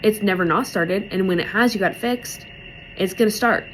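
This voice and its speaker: Young woman, casual devotional talk, emotional and near tears, chatty, mid-pitched, faint noise behind. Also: brisk, a bit bright, poor audio. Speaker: speaker in a church devotional video series.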